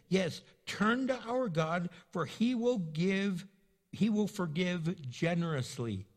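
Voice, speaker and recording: A man's voice: a little high, very animated, measured pace. A man preaching a sermon as pastor, emphatic and repetitive, acting out little asides for the congregation. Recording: long hall reverb.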